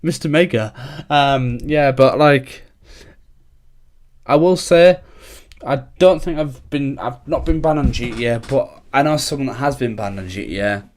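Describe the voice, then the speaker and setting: A man's voice: mid-range voice, a little slow. A young man, talking casually and at length as a podcast host, swearing freely and laughing often.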